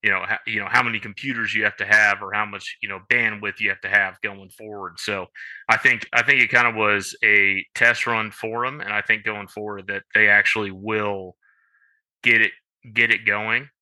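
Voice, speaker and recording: A man co-hosting a podcast in casual chat, halting and full of "you know" fillers. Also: fairly low pitch, level tone, sharp tone, no echo. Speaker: podcast co-host.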